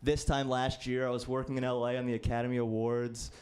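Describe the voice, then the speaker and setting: A man's voice: mid-range voice, level tone, brisk, a little mellow. A man in his twenties doing a stand-up comedy set, telling rambling, self-deprecating stories. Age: 20s.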